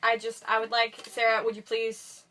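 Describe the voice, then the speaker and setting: Young woman, bright tone, dry mock-formal asides, a little distant from the mic. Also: a little high, completely flat delivery, moderate pace. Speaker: podcast co-host. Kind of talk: casual chat.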